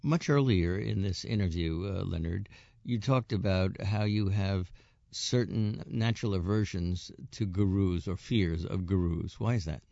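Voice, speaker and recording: A man's voice: sits low, a little slow, vocal fry, warm tone, dry recording, dull audio. A man hosting a radio interview, asking probing and challenging questions.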